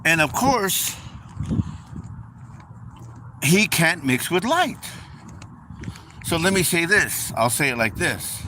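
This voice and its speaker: A male preacher talks through a relaxed, informal sermon, circling back over his phrases and calling his listeners folks. He takes his time, and his pitch rises and falls with lively expression. A constant hum of background noise sits under the recording. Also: takes it slowly, long pauses. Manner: conversational, repeats phrases, addresses listeners as folks.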